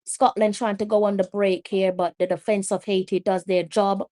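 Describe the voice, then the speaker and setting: Hosting a live watch-along, a woman offers casual, chatty play-by-play, breaking into loud exclamations at the action. Her mid-range voice is delivered flatly at normal speed.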